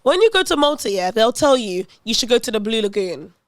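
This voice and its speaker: A young woman hosting a podcast, telling stories in an animated, dramatic way. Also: a little high, a little fast, no room sound, studio quality. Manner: animated, dramatic retelling with laughter. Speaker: podcast host. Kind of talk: casual storytelling chat.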